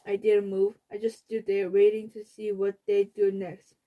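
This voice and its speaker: A woman, a native Korean speaker, reading a children's book aloud in English, carefully and deliberately. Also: medium pitch, flat delivery, warm tone, poor audio.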